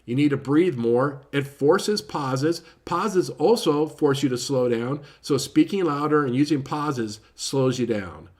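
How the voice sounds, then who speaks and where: Casual man reviewing a book, quiet and quick. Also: mid-range voice. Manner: informal, self-correcting, lots of "right?" tags; says he often speaks too quietly and too fast.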